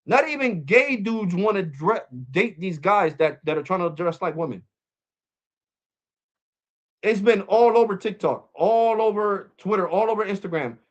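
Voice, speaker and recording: A man's voice: high-pitched, expressive, unhurried, highs cut off. A man vlogging, ranting to his viewers in a blunt, mocking way. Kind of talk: opinion rant to camera.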